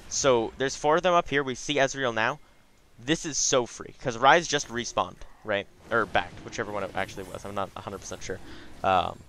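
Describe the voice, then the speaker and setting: A man's voice: lowish voice, a bit bright, a little hiss or hum. A young man giving casual, chatty commentary over his own gameplay, with frequent asides.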